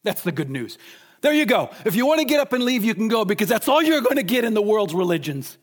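A man preaching a sermon emphatically, asking rhetorical questions and slowing down to stress key points. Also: sits high, sing-song.

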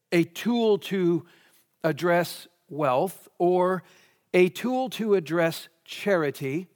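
A man's voice: high voice, long reverb tail. A man preaching a sermon, posing question after question before answering them emphatically.

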